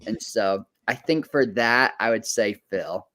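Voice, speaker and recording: A man talking as a guest in a casual interview chat, easygoing and relaxed as he tells stories. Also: fairly low pitch, measured pace. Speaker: guest, reality show contestant.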